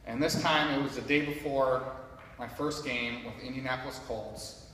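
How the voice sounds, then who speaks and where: A man gives a motivational talk, recounting his story in an earnest, conversational tone and often addressing the audience directly. His voice sits at an ordinary pitch for a man. It carries from a distance through a large hall with a long reverb, over a faint hum of room ambience. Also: steady tone, moderate pace, fairly bright tone. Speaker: motivational speaker. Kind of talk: personal story told to a live audience. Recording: echoey hall recorded from afar.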